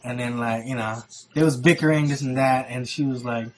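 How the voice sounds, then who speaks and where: A man's voice: mid-range voice, fairly even intonation, brisk. A young man vlogging, telling stories casually with heavy slang and swearing, acting out what people said. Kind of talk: casual storytelling.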